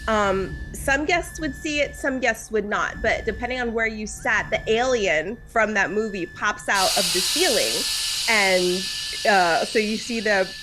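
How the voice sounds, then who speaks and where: Speaking at a measured pace over music, this woman has a medium-pitched voice captured in a low-quality recording. She co-hosts a podcast and keeps the chat casual, laughing a lot and filling her speech with fillers.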